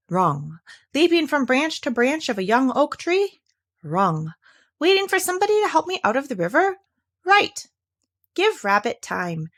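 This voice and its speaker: A woman voicing a gloomy, sarcastic old male donkey in a read-aloud storybook, speaking flat and slow. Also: fairly high pitch, pitched above the performer's own voice.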